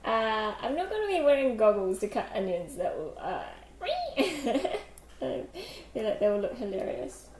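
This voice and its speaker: Woman, casual cooking streamer, higher voice, rambling with fillers, roomy kitchen echo, loud clatter of dishes behind. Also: wildly swooping pitch, measured pace, a little hiss or hum. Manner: chatty, many fillers, giggly. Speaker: livestream host cooking. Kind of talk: casual cooking livestream chat, reading chat. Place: home kitchen. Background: kitchen clatter, chopping and dishes.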